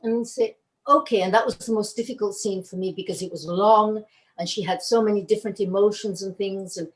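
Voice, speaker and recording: Older lady rambling through old acting stories, mid pitch, gets lively when she quotes people. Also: brisk, poor audio. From Argentina. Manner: rambling, animated, acts out quoted lines. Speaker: actress telling career stories. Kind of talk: casual storytelling.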